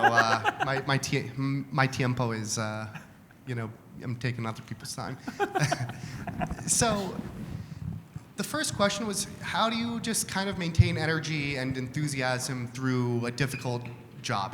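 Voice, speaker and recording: A man answering audience questions at a live event, speaking candidly and conversationally, often restarting his words. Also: fairly high pitch. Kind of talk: live Q&A talk. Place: event hall. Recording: hall reverb with faint room noise.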